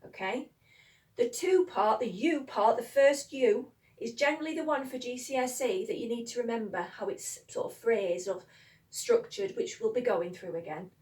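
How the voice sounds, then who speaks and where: A woman's voice: fairly high pitch, moderate pace, darkish tone, recorded from a distance, poor audio. A woman teaching a grammar lesson in a chatty, emphatic way, often checking "okay?". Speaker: language teacher. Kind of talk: spoken lesson explaining Spanish grammar.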